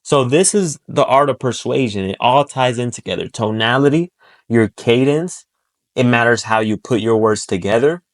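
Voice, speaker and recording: A man's voice: mid-range voice, moderate pace. Blunt, emphatic man giving a pep talk. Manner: blunt and profane, acts out short quoted voices; emphatic, repeats key points. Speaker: self-improvement speaker. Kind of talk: motivational monologue.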